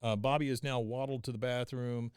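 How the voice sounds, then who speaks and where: A man's voice: medium pitch, fairly even intonation, brisk, a little mellow, clean tone, no echo, clean studio sound. A man hosting a podcast and casually retelling a cartoon episode scene by scene, laughing often. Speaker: podcast host.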